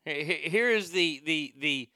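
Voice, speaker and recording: A man hosting his own show, ranting about politics with sarcasm and frequent swearing. His voice sits fairly high, with a gravelly rasp and a bright, sharp edge. The sound is dry and close. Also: animated, a little slow, no room sound. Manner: profane, sarcastic, boastful. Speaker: show host.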